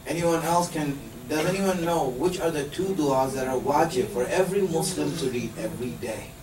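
Over crowd noise, a religious teacher with a fairly high-pitched voice speaks at a normal pace. He patiently explains a lesson to a live audience and tests them with questions, recorded from a distance in an echoey room.

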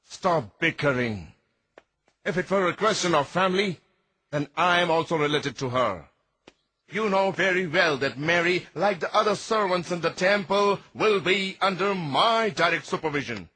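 An actor playing a proud, quick-tempered temple elder in a dubbed film, commanding and scornful. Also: male voice, sits high, expressive, pushed and bright, a little hiss or hum.

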